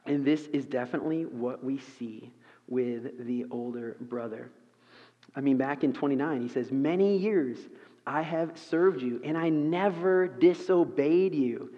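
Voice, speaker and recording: A man preaching a sermon to a congregation, lively and acting out the characters in the story he reads. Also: medium pitch. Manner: animated, acts out the story's characters. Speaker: pastor. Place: church auditorium. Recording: muffled sound with a long hall reverb.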